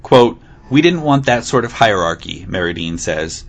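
A man on the low side of the pitch range co-hosts a relaxed podcast, reading a news article aloud with animation at a moderate pace. Giggly and amused, he frequently breaks into laughter and plays up certain words.

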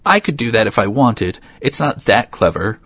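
A man's voice: lowish voice, lively intonation, normal speed, a bit bright, husky, no room sound. A man voicing a spoiled, envious young stepsister in a storybook reading, bratty, whiny and demanding, in a dull, dry lo-fi recording.

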